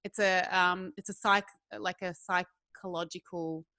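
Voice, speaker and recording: A woman's voice: lowish voice, little pitch movement, measured pace, bright, forceful tone, no echo, clean studio sound. A woman co-hosting a podcast, chatting casually, laughing often and swearing freely. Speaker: podcast co-host. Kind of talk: casual chat.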